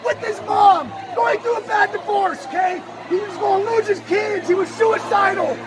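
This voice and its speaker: A man's voice: very high-pitched, fairly even intonation, moderate pace, very noisy. A man confronting police at a street protest, angry, profane and close to tears. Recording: loud crowd and music outdoors. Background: loud crowd and music.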